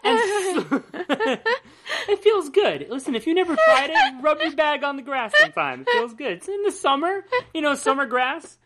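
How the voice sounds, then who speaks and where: A woman's voice: sits high, wildly swooping pitch, normal speed, a bit bright. A young woman co-hosting a casual comic-book podcast, joking crudely and laughing often. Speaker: podcast co-host.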